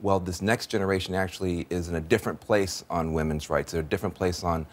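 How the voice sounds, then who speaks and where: A man with a fairly low voice hosts a talk show with guests in the studio. He speaks earnestly and with emphasis, and likes to tease his guest. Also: steady tone, fast. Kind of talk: studio interview and show segments.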